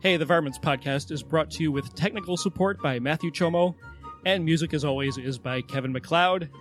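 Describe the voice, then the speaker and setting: A man's voice: fairly high pitch, a little fast, soft background music. A man hosting a podcast, explaining animal facts with enthusiasm. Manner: enthusiastic explainer, reads credits. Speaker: podcast host. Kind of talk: casual chat.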